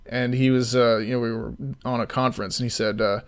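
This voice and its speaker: A man's voice: mid-range voice, brisk, few pauses, smooth. A man streaming as an indie game developer, ranting with free swearing and then explaining things in casual chat. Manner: swears freely, animated ranting storyteller; slides into explanatory commentary.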